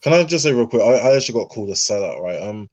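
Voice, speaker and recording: A man's voice: lowish voice, lively intonation, very fast, a little mellow, no room sound. A young man from England with a London accent, chatting earnestly as a guest with frequent fillers. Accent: London English. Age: young adult. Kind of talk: casual chat.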